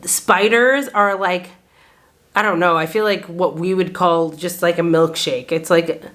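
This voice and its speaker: A woman in her thirties from Massachusetts, chatting casually to camera in an expressive, rambling way, full of "like" and "okay?". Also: on the low side, unhurried. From Massachusetts, USA. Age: 30s. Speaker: vlogger. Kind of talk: casual vlog chat.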